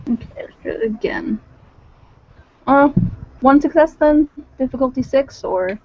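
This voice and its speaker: A woman's voice: high voice, expressive, a little slow, dull audio. A woman playing a tabletop game, describing her character's actions in a giggly, hesitant way. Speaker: player.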